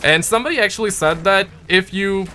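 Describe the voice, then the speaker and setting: A young man chatting casually on a livestream, reading out viewers' names and talking games in slangy, animated bursts. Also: sits high, fairly quick, slight background noise. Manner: slangy, animated, reads chat aloud. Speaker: streamer.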